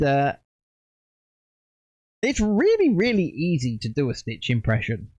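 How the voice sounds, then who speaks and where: Animated British man chatting on a livestream. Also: a little high, no room sound. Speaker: livestream host. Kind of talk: casual chat while building.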